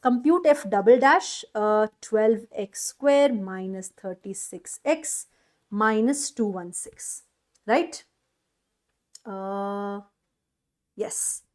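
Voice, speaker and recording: A woman maths teacher with an Indian English accent, giving an energetic online exam-prep lecture and coaxing students with questions. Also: medium pitch, very slow.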